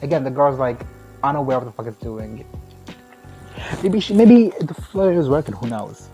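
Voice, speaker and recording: A man's voice: mid-range voice, animated, moderate pace, warm tone, soft background music. A man giving a casual, foul-mouthed movie recap, sarcastic and often laughing. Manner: crude, sarcastic, laughs often, mimics characters.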